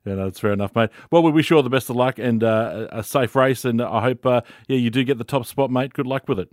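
An Australian man co-hosting a podcast, chatting casually with quick teasing quips. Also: medium pitch, no echo, studio quality. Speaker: podcast co-host. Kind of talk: casual chat.

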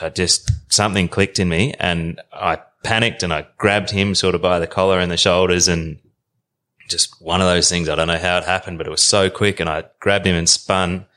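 An Australian man in his thirties, a podcast guest telling an animated story in casual slang. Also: low-pitched. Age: 30s. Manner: animated, colloquial yarn-spinner.

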